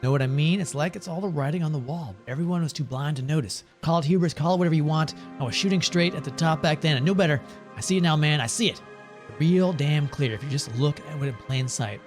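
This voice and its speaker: A man's voice: a little high, fast, soft background music, lightly acted. A man reading the lines of a bitter older former financier who rambles and swears about war and greed. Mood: bitter ranting. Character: bitter older man, former money-circles big shot, ranting.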